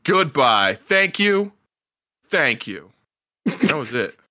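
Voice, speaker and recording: A man's voice: on the high side, sing-song, takes it slowly, bright, forceful tone. A man co-hosting a casual podcast, reading listener reviews aloud in a mock-earnest way and laughing partway through. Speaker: podcast co-host.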